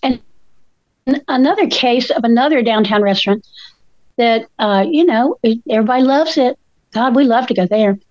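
An older woman tells stories in a casual chat and acts out every quote. Her voice sits on the higher side and is recorded dry and dull. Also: moderate pace, long pauses, no echo. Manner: animated storyteller, acts out quotes. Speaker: co-host.

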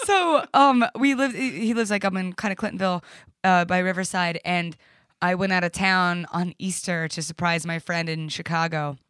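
A woman's voice: fairly low pitch, fairly even intonation, moderate pace, fairly bright tone, smooth, no echo. A woman rambling through a personal story on a podcast, full of fillers and casual swearing. Her voice sits in an ordinary middle register. The studio sound is very dry and close. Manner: rambling, profane, lots of fillers. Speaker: podcast guest.

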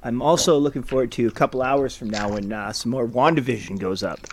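A man hosting a casual chat, relaxed and slangy, asking his guest questions. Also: mid-range voice, brisk, a little hiss or hum. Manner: relaxed, laid-back, slangy.

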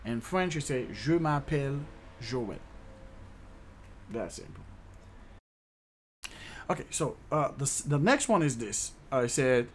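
An upbeat, chatty man from Haiti teaching a casual video language lesson, repeating each word slowly. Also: medium pitch, big pitch swings.

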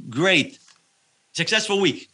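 Male health coach for an interview: lively rising-and-falling delivery, fairly high voice. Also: takes it slowly, slightly rough. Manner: animated, explains with examples. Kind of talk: podcast interview.

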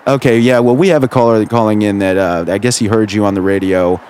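A man with a lowish voice plays the dry straight man, hosting a mock radio show and prodding his guests with plain questions. Faint noise runs under him. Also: fairly even intonation, fast talker. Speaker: comedy radio host. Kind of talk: improvised comedy sketch.

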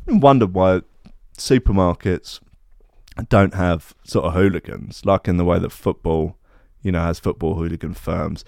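A man's voice: deep voice, normal speed, gravelly, darkish tone, dry recording, studio quality. A man hosting a comedy podcast, rambling through sardonic asides and restarts. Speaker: podcast host. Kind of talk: casual comedic podcast monologue.

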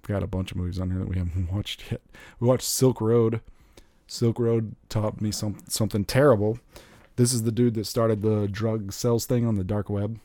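A man in casual chat, rambling and excitable, swearing freely as he talks about movies. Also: fairly low pitch, normal speed, no echo. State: recently recovered from covid.

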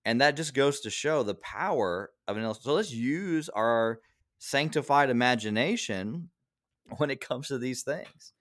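A man's voice: medium pitch, lively intonation, normal speed, fairly bright tone. A man who is a pastor, co-hosting a podcast and explaining scripture in an earnest, preacherly way. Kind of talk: casual Bible study chat.

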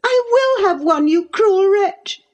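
A woman voicing a distraught teenage girl who pleads in high, breathless sobs. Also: unhurried, mellow, soft background music. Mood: furious. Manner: high, breathless sobbing pleas.

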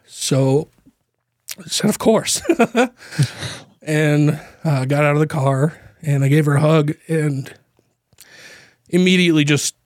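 A man co-hosting a podcast, telling a personal story in casual chat, halting with fillers and nervous laughs, grief close to the surface. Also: on the high side, a little mellow, no echo. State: grieving, voice near tears. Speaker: podcast co-host.

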